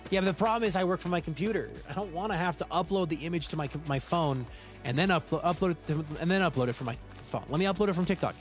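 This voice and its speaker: American guy streamer, bit high-pitched, chatty, answers chat live, faint music under. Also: fast talker. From United States. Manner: chatty, answers viewers' chat aloud while playing. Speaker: game streamer.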